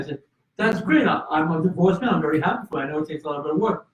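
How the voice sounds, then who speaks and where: A man's voice: fairly high pitch, lively intonation, fast, a little hiss or hum. Earnest man telling his story, echoey room. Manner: earnest, with restarts and fillers. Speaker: guest. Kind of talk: storytelling in an interview. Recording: roomy, distant and slightly dull.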